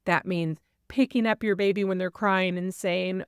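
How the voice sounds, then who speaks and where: Calm woman giving parenting advice. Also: on the low side, normal speed, smooth, no echo, clean studio sound. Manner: calm, explanatory, sometimes animated when modeling phrases. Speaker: parenting podcast host. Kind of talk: advice monologue.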